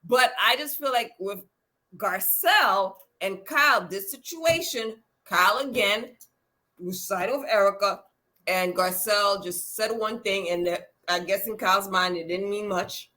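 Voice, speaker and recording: A woman co-hosting a casual reality TV recap chat, animated, acting out quotes as she talks. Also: medium pitch, a little slow. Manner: animated, acts out quotes, lots of "like" and "yeah". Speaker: co-host.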